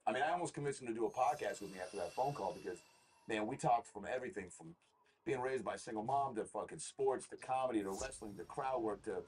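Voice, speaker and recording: Man, comedian guest, slightly low voice, rambling, profane, animated storytelling. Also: fast, slight background noise. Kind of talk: casual interview storytelling.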